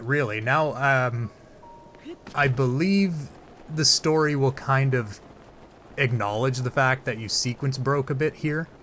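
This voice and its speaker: Brief: let's play host, casual crude jokes, rambling middle-pitched voice. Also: male voice, fairly bright tone, a little hiss or hum. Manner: crude, joking, rambling with fillers. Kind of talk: casual gameplay commentary.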